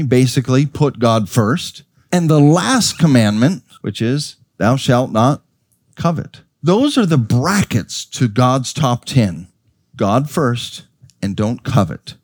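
A middle-aged man preaching with emphatic energy, tossing rhetorical questions at his listeners. His voice sits at an ordinary pitch but leaps upward for stress. The recording is dry, with little room sound. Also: a little mellow, no echo. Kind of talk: sermon.

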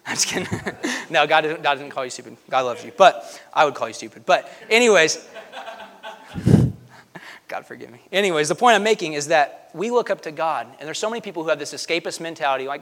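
A man preaching a lively sermon, emphatic and joking, swinging between loud bursts and hushed asides. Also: a little high, a little fast. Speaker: pastor.

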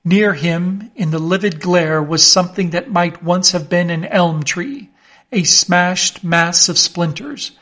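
Slow, high-voiced male storyteller. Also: a bit bright. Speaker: narrator. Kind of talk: scripted narration of a classic story.

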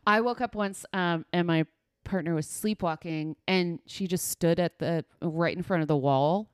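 A young woman co-hosting a casual movie podcast, talking in an animated way with laughs and quick asides. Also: fairly low pitch, smooth, no echo, clean studio sound. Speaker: podcast co-host.

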